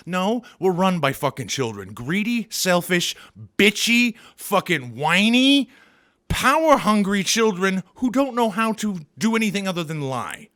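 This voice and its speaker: Profane man, angry comedic rant, lively swinging pitch, fairly high voice. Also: normal speed. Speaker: comedy vlogger.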